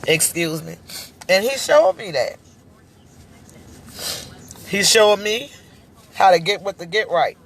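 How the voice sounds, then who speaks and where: A woman hosting her own live-stream talk show, talking heartfelt and preachy straight to her viewers, emotional, with halting restarts. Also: mid-range voice, expressive, a little hiss or hum.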